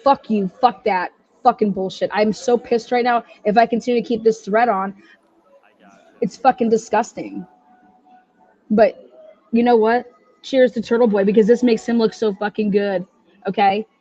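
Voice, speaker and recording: A woman's voice: fairly high pitch, steady tone, moderate pace, pauses often, mellow, muffled recording. A woman hosting a true-crime livestream, ranting angrily and swearing heavily as she gives her commentary. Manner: angry, profane ranting. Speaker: livestream host.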